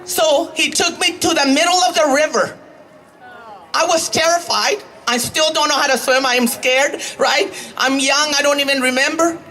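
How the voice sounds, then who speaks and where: A woman's voice: sits high, normal speed, bright, forceful tone, poor audio. A woman telling a personal story at a public rally, earnest and building to a rousing call to keep going. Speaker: rally speaker.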